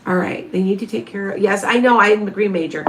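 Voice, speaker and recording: Woman, 50s, livestream medium host: rambling, chatty, mid-pitched voice, faint ambient hiss behind. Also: fast talker. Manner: rambling, chatty, with frequent restarts and asides. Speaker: tarot reader and medium hosting a livestream. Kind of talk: casual livestream chat answering viewer questions.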